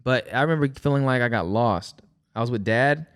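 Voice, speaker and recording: This young male podcast co-host has a smooth, medium-pitched voice and talks a little fast. In casual conversation he spins animated stories, acting out the quotes.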